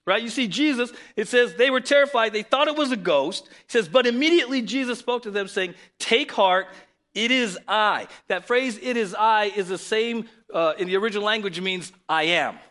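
A male pastor preaching in a bright, slightly high voice. He moves between reading scripture aloud and easy, conversational explanation, with sudden bursts of loud emphasis. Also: fairly quick, few pauses. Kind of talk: sermon.

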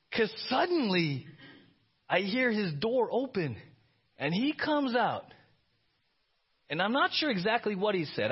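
A man preaching a conversational sermon, animated and often asking his listeners "right?". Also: high-pitched, breathy edge, highs cut off. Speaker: pastor.

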